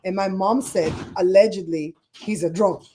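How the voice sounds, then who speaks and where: Caribbean-accented woman host, animated casual chat, warm mellow tone. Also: medium pitch, moderate pace, a little hiss or hum. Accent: Caribbean English. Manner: chatty, animated storyteller, fussy about grammar. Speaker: podcast host. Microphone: streaming setup microphone.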